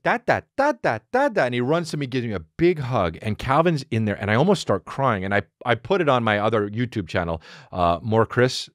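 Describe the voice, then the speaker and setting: A man hosting a podcast, telling rambling stories in a profane, animated, casual monologue. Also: fairly low pitch, no echo, clean studio sound. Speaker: podcast host.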